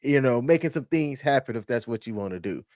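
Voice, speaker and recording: A man co-hosting a casual podcast, giving emphatic, animated advice. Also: medium pitch, fairly quick, dry recording, studio quality. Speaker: co-host. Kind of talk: casual podcast reaction chat.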